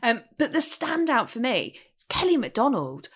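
A woman's voice: a little high, sing-song, moderate pace, breathy edge. A British woman chatting about a film's cast, enthusiastic and prone to repeating herself. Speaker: podcast co-host. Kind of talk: casual film discussion.

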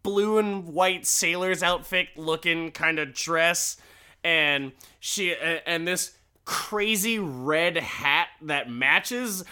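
A man casually recapping a show, animated and profane, breaking into quoted voices and laughing. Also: a little high, slow pace, smooth.

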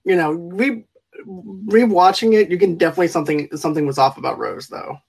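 A speaker recaps a film's plot in relaxed conversation. The talk rambles, with frequent fillers and restarted sentences. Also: mid-range voice, a little fast, vocal fry, husky. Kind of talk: casual movie review chat.

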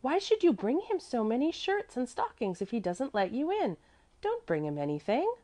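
A woman's voice: high-pitched, sing-song, moderate pace, mellow, pitched above the performer's own voice. A woman reading aloud and voicing a small, eager, curious little girl with a raised, childlike voice. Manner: bold, inquisitive, childlike.

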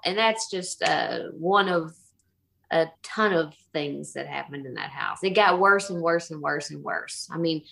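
A middle-aged woman with a low, gravelly voice and a fair bit of vocal fry. She tells a ghost story in a relaxed way, and she acts out the voices of the people she quotes. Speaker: guest telling a haunting story. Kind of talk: casual storytelling.

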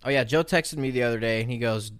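A man co-hosting a casual chat, telling animated stories and swearing freely. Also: medium pitch, fast, clear, resonant tone, dry recording. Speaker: podcast co-host.

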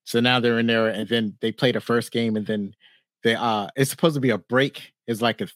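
A man's voice: mid-range voice, fairly even intonation, brisk, a bit bright, no echo, studio quality. Man casually recapping a movie plot. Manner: rambling plot recap with frequent laughs and "right, right". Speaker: podcast host. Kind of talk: casual movie review chat.

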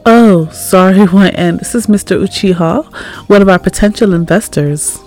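A woman voicing a brisk, upbeat female office boss who hurries and corrects herself. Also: mid-range voice, soft background music, natural voice. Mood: bright, flustered. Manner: bright, hurried, corrects herself mid-sentence.

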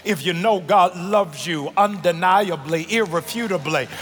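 High-voiced man preaching in reverb. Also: slight background noise. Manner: builds from measured teaching to shouted, climactic preaching; frequent "uh" fillers and "here it is" asides. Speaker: senior pastor. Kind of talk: sermon. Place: large church sanctuary. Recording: church hall reverb with music behind.

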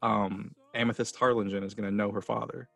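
A man's voice: lowish voice, little pitch movement, a little fast, gravelly, a bit bright, dry recording, faint music behind. A man hosting a casual film podcast, talking passionately and rambling with restarts as he gets emotional. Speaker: podcast host.

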